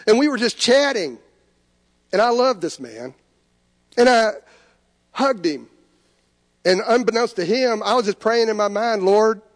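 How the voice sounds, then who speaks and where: High-voiced man preaching in a reverberant sanctuary. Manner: earnest, shifts between soft pleading and lifted emphasis. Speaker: pastor. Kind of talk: sermon. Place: church sanctuary.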